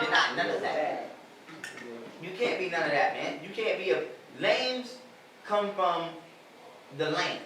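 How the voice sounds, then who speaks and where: A man's voice: high voice, animated, measured pace, pauses often, noisy background. A man giving an informal lecture to a group of listeners, blunt and profane. He speaks emphatically and often laughs at his own jokes. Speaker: street lecturer addressing a small group. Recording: echoey space, mic far away, crowd audible.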